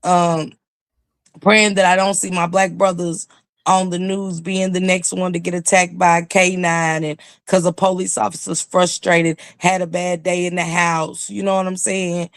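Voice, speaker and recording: A woman's voice: fairly low pitch, little pitch movement, a little slow, no echo, studio quality. A woman talking as a YouTube commentator in a casual livestream chat, with emphatic, preachy storytelling.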